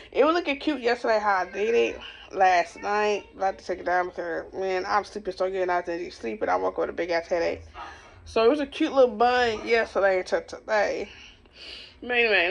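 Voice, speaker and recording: A woman's voice: mid-range voice, gravelly, slight background noise, rough recording. A young woman vlogging casually, venting and rambling as she retells a frustrating day. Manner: frustrated, rambling, repeats herself.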